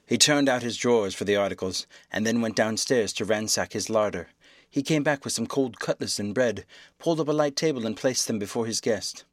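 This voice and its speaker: A man narrates an audiobook in a steady, measured way. His voice sits on the low side. The recording is dry and close. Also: dry recording.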